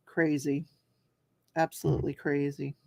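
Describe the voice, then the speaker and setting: Gravelly-voiced older woman chatting live. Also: sits low, level tone, slow pace, warm tone, dry recording. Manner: chatty, reads viewer comments aloud, laughs often. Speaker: host of a crafting and true-crime talk show. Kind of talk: casual livestream chat while crafting.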